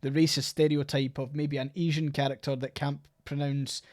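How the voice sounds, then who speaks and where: A Scottish man with a slightly high voice co-hosts a podcast in loose, rambling conversation. He drifts through his points with plenty of "like" and the odd casual swear word. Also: little pitch movement, moderate pace, a little mellow. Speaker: podcast co-host.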